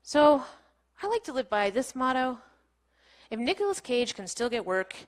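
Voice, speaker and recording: Woman speaker in her thirties, slightly high voice, candid and chatty storytelling, laughs often. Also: sing-song, moderate pace. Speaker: keynote speaker. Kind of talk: personal storytelling talk. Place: small playhouse stage.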